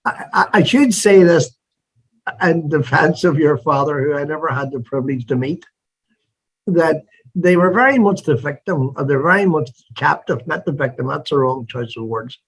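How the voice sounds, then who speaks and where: A man's voice: fairly high pitch, moderate pace, husky, rough recording. A man hosting an interview, asking earnest, searching questions with frequent restarts. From Northern Ireland. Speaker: interview host. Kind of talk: conversational interview.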